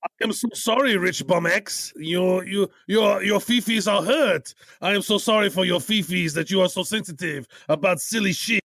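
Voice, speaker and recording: A podcast host putting on a high, exaggerated voice of mock sympathy. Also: male voice, animated, slow pace, vocal fry, hardly any pauses, a bit bright, slightly rough, dry recording, exaggerated voice. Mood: mock sorry.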